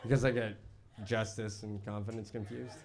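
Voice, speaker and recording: A young stand-up comedian works a basement club stage with a handheld microphone, rambling through a self-deprecating set full of restarts and fillers. His voice is lowish and fairly flat in pitch, at a normal speed. The live recording picks up the audience laughing.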